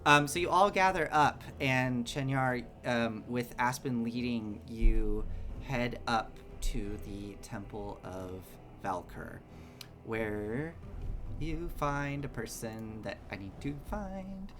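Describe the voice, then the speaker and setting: A game master narrating a tabletop game in an animated way, laughing often and using many fillers. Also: mid-range voice, slow.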